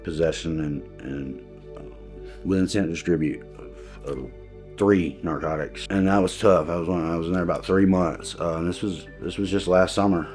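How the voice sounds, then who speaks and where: A man telling his own story in a personal testimony, earnest and halting, restarting his sentences and at times emotional. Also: low voice, a little mellow, soft background music.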